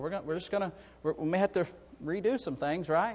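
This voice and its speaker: In a church sanctuary with long reverb, a high-pitched male pastor preaches quickly, climbing from quiet asides to loud, rising calls. He restarts sentences and jokes with the congregation while the hall rings out after every phrase.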